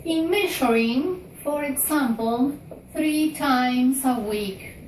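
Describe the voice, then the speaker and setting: A woman teaching a grammar lesson at an unhurried pace, often pausing on fillers and checking in with "okay?". Her voice sits a little high, and she sounds set back from the mic. The room is echoey, with faint noise underneath. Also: darkish tone, far from the mic.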